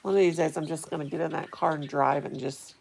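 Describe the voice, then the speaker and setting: A woman's voice: low-pitched, fairly even intonation, fast talker, creaky, darkish tone, slight background noise. A middle-aged woman, rambling casually to her live-stream viewers and answering their chat. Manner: rambling, chatty, talks to viewers. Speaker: vlogger reading live chat.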